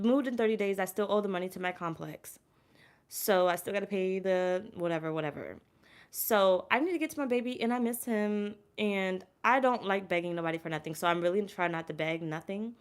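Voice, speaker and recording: A woman doing a casual tarot reading to her viewers, blunt and profane, addressing them directly and swinging between loud urging and quiet asides. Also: lowish voice. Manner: talks straight to her audience as "y'all". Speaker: tarot reader.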